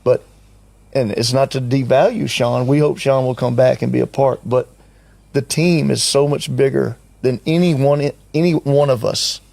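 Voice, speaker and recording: A man's voice: medium pitch, fairly even intonation, normal speed, creaky, dark tone, no room sound. An older man telling a story in casual conversation, acting out what others said and chuckling often. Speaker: team member recounting a trip.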